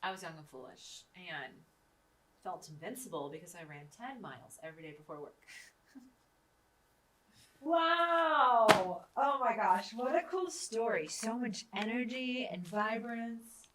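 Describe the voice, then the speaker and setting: In an echoey room, a bit off-mic with a distant pickup and a little hiss or hum, a woman speaks at a moderate pace in an animated, medium-pitched voice. She's hosting her own show as a self-interview, sharing casual anecdotes and laughing frequently.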